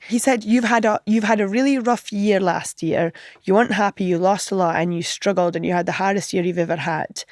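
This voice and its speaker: A woman comedian telling animated anecdotes in a podcast interview, acting out other people's lines and laughing often. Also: medium pitch, no room sound, clean studio sound. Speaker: comedian guest.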